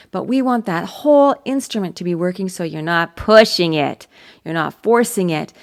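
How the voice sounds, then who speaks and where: Low-voiced woman voice coach. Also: gravelly. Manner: demonstrates hums between explanations. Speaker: voice teacher. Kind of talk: vocal coaching lesson.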